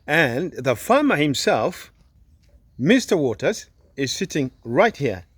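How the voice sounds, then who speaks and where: A man's voice: on the high side, big pitch swings, slow pace, husky, dry recording. A man hosting a casual gardening vlog outdoors, chatty and full of questions. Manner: chatty, asks lots of questions. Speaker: video host helping with gardening.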